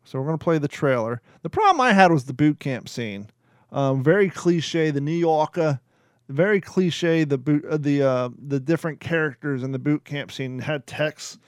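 A man's voice: on the high side, normal speed, clean tone, no room sound. Chatty man host with a dry sound. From Kentucky. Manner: chatty, laughs at his own jokes. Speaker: podcast host. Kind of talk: casual chat, reading reviews aloud.

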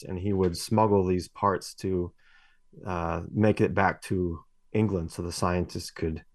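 A man's voice: low-pitched, vocal fry, no echo. A middle-aged man co-hosting a podcast, telling long rambling stories with many fillers and restarts. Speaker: podcast co-host. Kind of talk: casual podcast chat.

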